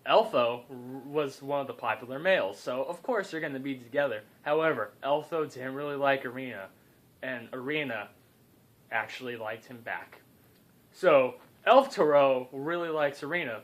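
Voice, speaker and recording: A man's voice: medium pitch, normal speed. A young man improvising a comedic story, rambling and cutting in with joking asides.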